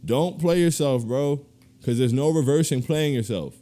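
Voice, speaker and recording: A man co-hosting a casual podcast, ranting in animated, slangy bursts and laughing through his complaints. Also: medium pitch, moderate pace. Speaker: podcast co-host.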